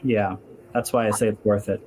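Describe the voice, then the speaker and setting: A man's voice: on the low side, fairly even intonation, normal speed, darkish tone, a little hiss or hum. A man co-hosting a podcast, dropping dry jokey asides in casual chat. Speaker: podcast co-host.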